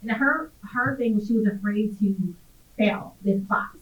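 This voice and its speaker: A woman's voice: medium pitch, unhurried. A middle-aged woman, a mother on a panel, tells a personal story in a heartfelt way with frequent ums and likes. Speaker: parent panelist. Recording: echoey, tinny, distant, faint hiss.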